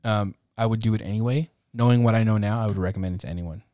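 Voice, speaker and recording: A man's voice: fairly low pitch, fast, dark tone, no echo, clean studio sound. A man co-hosting a casual podcast, talking in a laid-back, self-deprecating way and laughing often. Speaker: podcast co-host.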